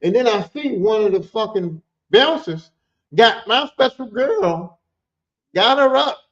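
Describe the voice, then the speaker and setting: A man's voice: a little slow, dull audio. A podcast host telling a casual story in streetwise slang with heavy cursing, and his voice shoots up when he retells the heated parts. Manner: animated, jumps high when retelling heated moments.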